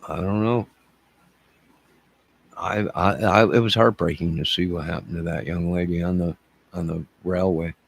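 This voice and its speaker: A middle-aged man with a low, gravelly, slightly rough voice speaks at a normal speed in a steady tone, pausing often. Hosting a livestream, he rambles emotionally and repetitively while talking to his chat.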